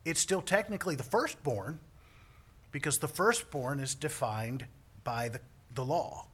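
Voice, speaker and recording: A man's voice: on the high side, expressive, unhurried, a bit bright, husky. A man preaching a sermon as a priest, joking with the congregation between points. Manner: joking, self-deprecating asides to the congregation.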